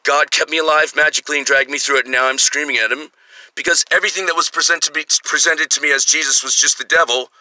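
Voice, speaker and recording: Sharp-voiced man in his fifties ranting. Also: on the high side, no room sound, low-quality recording. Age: 50s. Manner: angry, profane, rambling. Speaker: vlogger. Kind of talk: ranting monologue.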